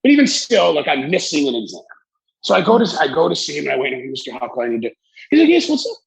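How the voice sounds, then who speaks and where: A man's voice: on the high side, big pitch swings, quick pace, gravelly, slightly rough, low-quality recording. A man in his forties, a guest telling stories in an interview and acting out the people in them with casual swearing. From Canada. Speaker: wrestling executive and guest. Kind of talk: animated storytelling in an interview.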